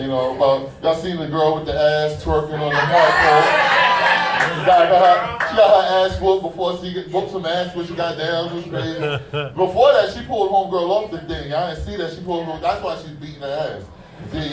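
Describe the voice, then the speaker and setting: Profane high-voiced comedian in echoey club. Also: male voice, brisk, far from the mic, crowd noise. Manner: loose, profane, conversational storytelling with lots of fillers. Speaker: stand-up comedian. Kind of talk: stand-up comedy set.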